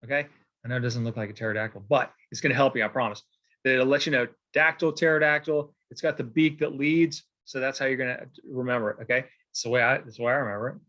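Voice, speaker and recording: A fast-talking man with a mid-range, bright, forceful voice and fairly even intonation teaches a poetry lesson in a recorded lecture with lo-fi sound. He rambles casually, uses lots of fillers, checks in with "okay?" often, and marks examples by hand on a board.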